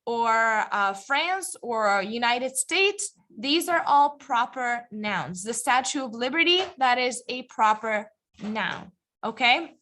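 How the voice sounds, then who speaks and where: This ESL teacher's voice is a little high, bright and forceful, with lively intonation and a slow pace. She patiently explains English grammar to a live, online-streamed class, encouraging students and often stopping to ask if they follow.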